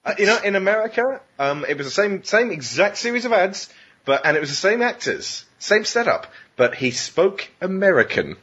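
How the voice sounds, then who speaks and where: A man hosting a casual quiz, cracking sweary, exasperated jokes. His voice is husky and lively, sitting a little high. The recording is dull and lo-fi. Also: moderate pace. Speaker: quiz host. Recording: muffled lo-fi recording.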